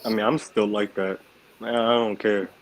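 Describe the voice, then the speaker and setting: A man's voice: fairly low pitch, little pitch movement, normal speed, poor audio. A young man chatting casually on a podcast, speaking in a laid-back, matter-of-fact way. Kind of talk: casual chat.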